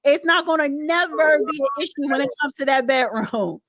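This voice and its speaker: A woman's voice: high-pitched, normal speed, fairly bright tone. A woman hosting an advice talk show, blunt and combative as she lectures a caller. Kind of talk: casual talk show chat.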